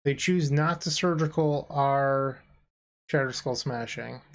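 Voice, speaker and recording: A man's voice: medium pitch, slow pace. A tired man co-hosting and commentating a card game he is playing, making dry sarcastic jokes in a casual chat. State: tired, yawning.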